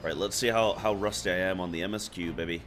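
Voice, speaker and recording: A man's voice: low-pitched, steady tone, fast talker, fairly bright tone, faint music behind. Laid-back joking male streamer. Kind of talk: casual game-stream chat.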